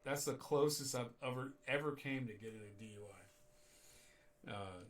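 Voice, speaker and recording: At a moderate pace and mid-range pitch, a show host chats casually on the radio, spinning rambling stories and chuckling along. His mic sounds distant.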